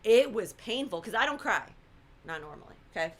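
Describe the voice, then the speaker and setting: A middle-aged woman co-hosting a live stream chat, telling her story in a lively way and acting out what people said. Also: mid-range voice, a little fast. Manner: animated storytelling, acts out quotes. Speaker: co-host.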